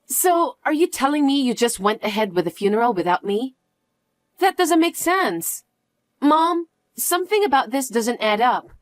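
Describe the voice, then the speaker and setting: A woman's voice: sits high, big pitch swings, moderate pace, dry recording, clean studio sound. A woman voicing a suspicious young adult daughter who questions everything in an incredulous, dismissive way. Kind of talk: dialogue story acting.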